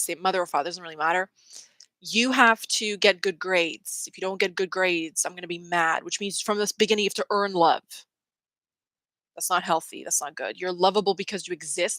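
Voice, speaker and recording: A young adult woman hosting a casual spiritual talk, opinionated and quick to quote people in mocking voices. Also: mid-range voice, sharp tone, no echo, rough recording. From Canada. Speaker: host.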